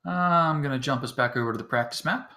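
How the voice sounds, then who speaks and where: A man acting as game master, explaining the setup to his players in a relaxed way, with many fillers and chuckles. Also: medium pitch, brisk. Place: home, talking over voice chat.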